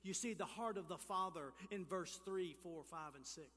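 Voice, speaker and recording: A man preaching a sermon as pastor, animated, swinging from quiet explanation to shouted emphasis. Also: high-pitched, moderate pace. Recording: long hall reverb.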